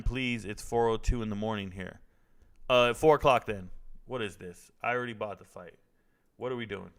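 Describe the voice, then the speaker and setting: Smooth-voiced man trash-talking on stream. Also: fairly low pitch, a bit bright. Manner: joking, trash-talking, slangy. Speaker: livestream host reacting to fights. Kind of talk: casual live-stream chat reading viewer comments.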